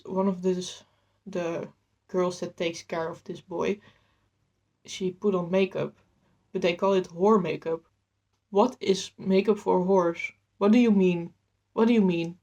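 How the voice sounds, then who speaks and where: An eager woman talks casually about her reading, rambling a little and sounding slightly out of breath. Her voice is mellow and warm, at a middle pitch, and her pitch jumps upward when she gets excited. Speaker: book vlogger. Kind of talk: casual chat.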